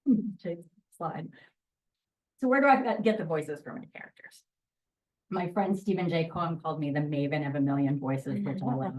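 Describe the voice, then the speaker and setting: A woman audiobook narrator giving a lively, chatty presentation about her work to an audience in a lecture room. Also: sits low, normal speed, pauses often, recorded from a distance, low-quality recording. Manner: lively, chatty, jumps into voice demos.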